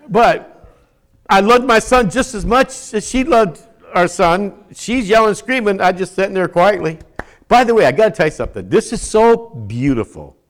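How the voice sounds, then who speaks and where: An older man preaching a sermon as a pastor, swinging from shouts to near-whispers and repeating words for emphasis. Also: fairly high pitch.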